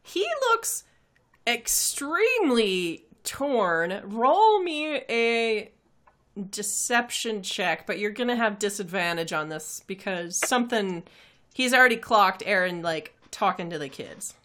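A woman narrating as game master for a tabletop game, with a bright, forward voice. She talks hesitantly and fills her sentences with "like" and "um". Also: mid-range voice, animated, slow. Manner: hesitant, many fillers.

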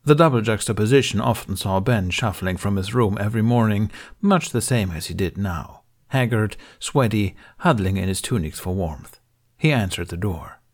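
Man reading fiction, lowish voice, steady measured narration. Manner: measured, even storytelling. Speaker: reader. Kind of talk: scripted fan fiction narration.

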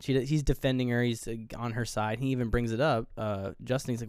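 A man's voice: medium pitch, fairly even intonation, darkish tone, no echo. Rambling man reviewing a movie, dry sound. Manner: rambling, retells scenes in quick voices. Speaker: podcast co-host. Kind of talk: casual movie review chat.

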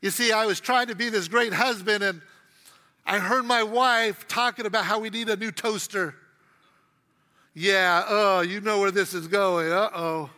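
A man's voice: high-pitched, unhurried, pushed and bright, in a large hall. A middle-aged man preaching a sermon with humor, acting out quotes while telling stories. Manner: humorous storytelling with acted quotes. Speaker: pastor.

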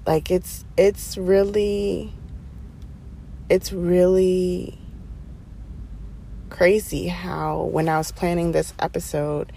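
A young woman hosting her own podcast, talking casually and animatedly, with sassy asides and drawn-out emphasis. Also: lowish voice, little pitch movement, creaky, mellow, slight background noise. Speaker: podcast host. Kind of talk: casual solo podcast monologue. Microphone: headphones, home podcast mic.

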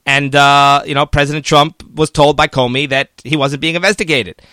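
A man's voice: on the high side, steady tone, normal speed, pushed and bright, no echo. A man hosting a political commentary show, talking casually and argumentatively, often mocking the media with quoted voices.

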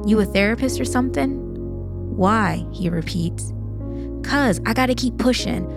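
A woman's voice: fairly high pitch, lively intonation, normal speed, gravelly, over music. A woman reading the lines of a grieving teenage boy who answers defensively. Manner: defensive, clipped. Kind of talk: audiobook-style reading.

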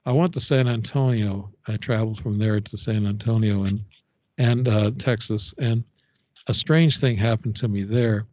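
An older man, a podcast guest and author, telling a personal story in a halting, rambling way with many fillers and restarts. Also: on the low side, a little mellow, dry recording. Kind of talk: casual storytelling interview. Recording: dull, dry lo-fi audio.

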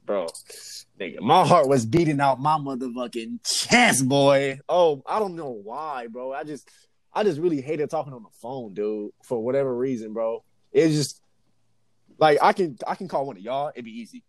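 A man in casual chat with friends, animated and slangy, saying bro a lot. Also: mid-range voice, normal speed, no echo.

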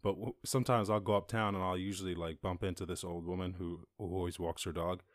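West Cork man with a low voice, rambling casual podcast host, dry close sound. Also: fairly even intonation, fast talker, dry recording. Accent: West Cork Irish. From West Cork, Ireland. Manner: rambling, laid-back, sweary, laughs often. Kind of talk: casual solo monologue.

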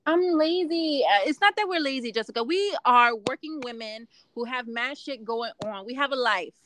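Young woman cohost, blunt and sweary, bright punchy voice, kinda high. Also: animated, normal speed, a little hiss or hum. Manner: blunt, swears freely, gets worked up. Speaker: podcast co-host. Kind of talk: casual chat.

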